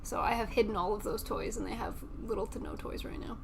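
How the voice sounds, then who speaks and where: A woman's voice: mid-range voice, steady tone, quick pace, vocal fry, background noise. A woman chatting casually and wryly about everyday life. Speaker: streamer co-host. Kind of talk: casual chat.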